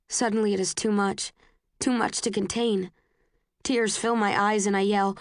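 A woman's voice: mid-range voice, steady tone, normal speed, gravelly, dry recording, studio quality. Earnest woman narrating a first-person novel. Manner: earnest and emotional, rising sharply in arguments. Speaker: audiobook narrator.

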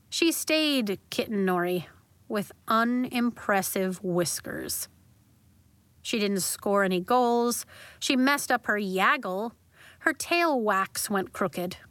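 A woman narrating a children's storybook aloud in a gentle, expressive way. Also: medium pitch, no echo.

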